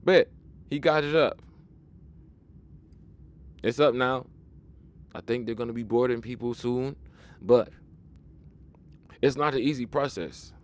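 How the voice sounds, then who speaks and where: Speaking slowly at a medium pitch and pausing often, a male video commentator gives a relaxed monologue. He sounds insistent and sermonizing, frequently starting over and echoing his own words to hammer the point.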